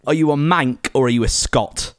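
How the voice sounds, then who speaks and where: A man hosting a podcast who keeps things relaxed and jokey as he asks his guest questions. His voice sits at a middle pitch. The sound is dry and close-miked. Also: normal speed, no echo. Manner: relaxed, joking, conversational. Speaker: podcast host. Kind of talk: casual interview chat.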